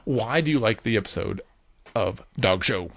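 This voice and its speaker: A podcast host speaks in a lowish voice with vocal fry, with no room sound, as he animatedly recaps a cartoon episode for his child. He often laughs and rapidly changes his voice to quote characters.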